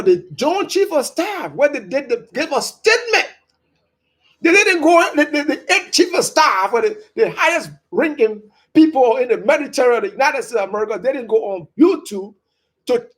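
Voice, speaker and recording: A political commentator and writer from Liberia, delivering emphatic opinion commentary with sharp upward stresses. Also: mid-range voice.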